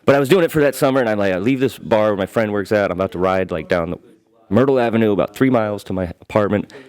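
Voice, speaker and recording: A man who is a guest comedian, telling crude stories in a casual chat and shouting out the lines he quotes. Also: lowish voice, rapid-fire, clean tone.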